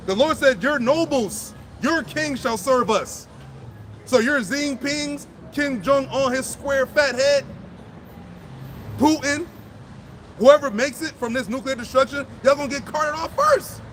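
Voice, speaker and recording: A man's voice: very high voice, unhurried, a bit bright, slight background noise. A man preaching outdoors, blunt and profane, fired up and repeating himself as he drives each point home. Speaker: street preacher. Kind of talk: impassioned outdoor sermon.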